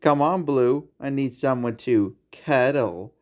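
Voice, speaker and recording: A man's voice: medium pitch, slow pace, close to an everyday voice. A man voicing a caring, anxious young female macaw in a fan-made audio story, fretting and soothing. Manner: fretful, soothing.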